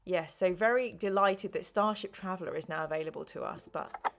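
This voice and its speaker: A middle-aged woman hosting a live stream, chatting casually and a little slowly because she is tired, with rambling asides and apologies. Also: lowish voice, slight background noise. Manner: slow, rambling, chatty with frequent ums and apologies. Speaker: live stream host running a gamebook play.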